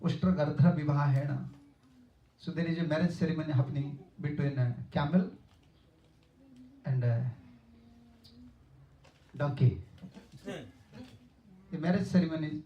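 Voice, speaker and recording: A spiritual teacher gives a devotional lecture in a hall, telling stories earnestly, repeating himself and chuckling. A distant room mic captures his fairly high voice, measured pace and frequent pauses, with lo-fi sound and slight background noise.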